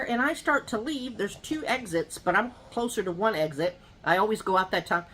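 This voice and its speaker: A woman's voice: mid-range voice, lively intonation, moderate pace, few pauses, sharp tone, slight background noise. Chatty woman telling rambling stories. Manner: rambling, gossipy storytelling with lots of asides; talks to viewers directly. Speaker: mukbang vlogger. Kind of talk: casual chat while eating.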